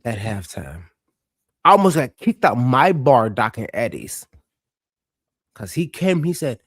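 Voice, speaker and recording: A man co-hosting a sports podcast, telling stories in a profane, animated way. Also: medium pitch, a little slow, pauses often, husky, dry recording, clean studio sound. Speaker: podcast co-host. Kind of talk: casual sports chat.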